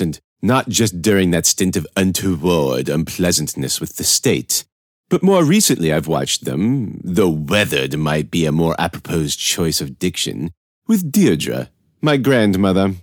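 A man's voice: low-pitched, no room sound. Pompous man narrating in dry close sound. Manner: pompous, fussy and florid. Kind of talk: first-person story narration with character voices.

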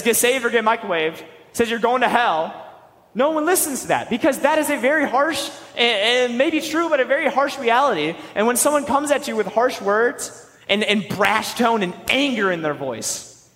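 A man's voice: high voice, a bit bright, big-room sound, low-quality recording. A young man preaching a sermon in a conversational, emphatic way. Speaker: youth pastor.

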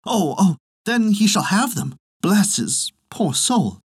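A man's voice: sits high, big pitch swings, slow, husky, dry recording, studio quality, voice pushed up, exaggerated voice. A man voicing a gullible, fussy old farmer's wife in a raised, fluttery voice. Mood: eager. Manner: exclaiming, doting.

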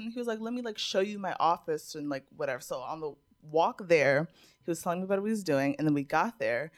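Brief: young woman podcast co-host, animated storyteller, voice swinging widely as she acts out quotes. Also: deep voice, fast. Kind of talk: casual podcast chat, telling a story.

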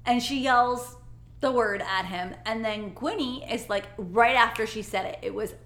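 A woman telling family stories in a lively, animated way during a casual podcast chat, laughing easily. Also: a little high, unhurried, reverberant. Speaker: co-host, mother.

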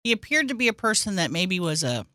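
A woman's voice: lowish voice, very animated, quick pace, sharp tone, no echo, studio quality. A woman co-hosting a podcast in casual chat, playful and joking, laughing a lot. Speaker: podcast co-host.

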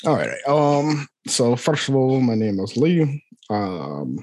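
A young man in his twenties, from Scotland, with a Scottish accent. He chats as an interview guest in an easygoing way. His voice sits at a middle pitch and is recorded dry and close. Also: expressive, takes it slowly, darkish tone, no room sound. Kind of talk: casual interview chat.

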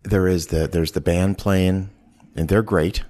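Low-voiced man co-hosting a movie podcast. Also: measured pace. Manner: animated retelling, acts out quoted lines. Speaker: podcast co-host. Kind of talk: casual movie podcast chat.

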